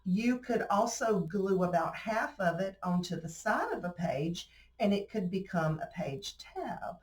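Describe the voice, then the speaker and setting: A woman's voice: medium pitch, sing-song, a little slow. A woman with a Southern US accent hosting a casual crafting demonstration, chatty and folksy, laughing often. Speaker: crafting tutorial host. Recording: roomy, distant mic with faint ambience.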